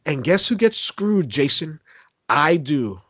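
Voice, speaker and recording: A man's voice: on the high side, takes it slowly, husky, no room sound. A man telling a rant, dull lo-fi audio. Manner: animated, profane, acts out his own quotes. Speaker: podcast co-host. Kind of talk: casual storytelling chat. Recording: dull lo-fi podcast recording.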